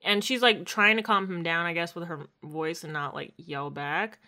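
Woman podcast co-host, casual recap chat, bright tone, animated delivery. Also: on the low side, normal speed. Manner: animated, laughing, acts out quoted lines.

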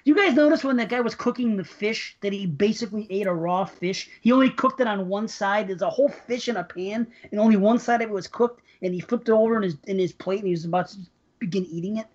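A woman co-hosting a casual movie podcast, telling animated, profane stories about films she loves. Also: medium pitch, fast talker. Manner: animated, profane, chatty storyteller. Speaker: podcast co-host. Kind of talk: casual movie discussion chat. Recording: dull lo-fi recording.

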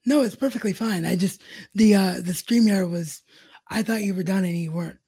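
A woman co-hosting a casual chat over a remote call, with a gravelly, husky voice. She is agreeable, often chiming in to agree, and steers the conversation back on track. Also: medium pitch, brisk, warm tone. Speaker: podcast co-host.

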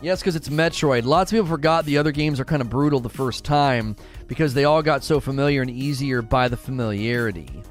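A man's voice: mid-range voice, fairly quick, soft background music. A man streaming a game, chatting casually with viewers, reading their messages aloud and often restarting his sentences. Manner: animated, restarts often, reads chat aloud. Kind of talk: casual live-stream chat while gaming.

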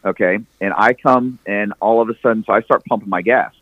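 A man's voice: lowish voice, a little fast, no room sound, phone-quality sound. A man guest on a podcast telling a long story casually, profane and restarting often.

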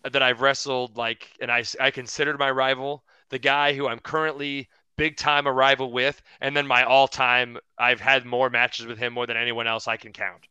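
Young man, wrestler on a podcast, animated storyteller, bright tense voice, dry close sound. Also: medium pitch, moderate pace, hardly any pauses, clear, resonant tone, no echo, highs cut off. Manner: animated storyteller, lots of restarts and laughs. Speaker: podcast guest, pro wrestler. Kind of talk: casual podcast chat.

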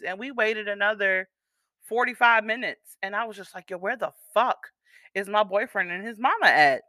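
A woman's voice: fairly high pitch, sharp tone, no room sound, clean studio sound. A woman telling viewers a personal story in a candid, profane, conversational storytime vlog.

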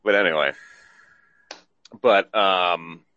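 Rambling lower-voiced podcast host. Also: male voice, slow, pushed and bright, muffled recording. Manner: rambling, repeats himself, trails off. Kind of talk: casual podcast chat.

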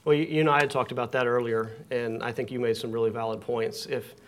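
A man talking casually at home, thinking out loud and tripping over his own words. His voice sits at an ordinary middle pitch. The pace is unhurried and conversational. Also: fairly even intonation. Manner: halting, repeats words while thinking aloud. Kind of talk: casual conversation in a living room. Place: living room.

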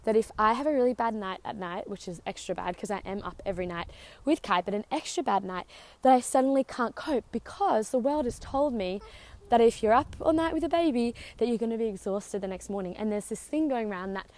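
A woman's voice: a little high, expressive, a little fast, darkish tone. A young woman hosting a casual faith podcast. She rambles chattily with lots of fillers and sounds out of breath from walking outdoors on her driveway. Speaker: podcast host.

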